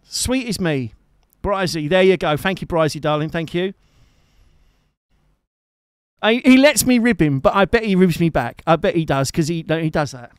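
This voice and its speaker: Chatty high-voiced man streaming. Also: expressive, normal speed, clear, resonant tone, no room sound, studio quality. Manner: chatty, teasing, jokey, fond asides. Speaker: live-streaming guitarist and host. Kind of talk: casual chat to a live stream audience. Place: home streaming setup.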